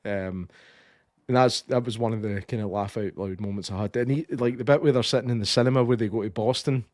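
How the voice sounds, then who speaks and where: A young Scottish man co-hosting a podcast, chatting casually about a film, sweary and animated, often slipping into impressions. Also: on the low side, quick pace, dry recording, clean studio sound. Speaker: podcast co-host. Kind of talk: casual film review chat.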